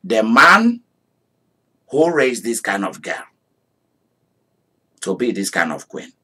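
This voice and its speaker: A grateful king speaks low and hushed, as a man puts him on in the middle of a sermon. His words come slowly and solemnly. The voice has a faint huskiness. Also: sing-song, slightly rough, exaggerated voice. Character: grateful male king, regal and warm.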